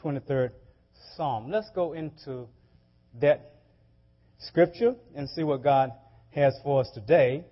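A man's voice: fairly high pitch, slow, pauses often. A man preaching a sermon, talking in a loose, conversational way, often repeating words and restarting. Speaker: pastor. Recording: dull lo-fi church audio.

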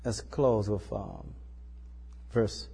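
A man's voice: fairly low pitch, fairly even intonation, extremely slow, creaky, mellow, slightly rough, long reverb tail. A man preaching a sermon in a small church, talking in a loose, conversational way and often checking in with the listeners. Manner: conversational, folksy, repeats tag questions like "you know".

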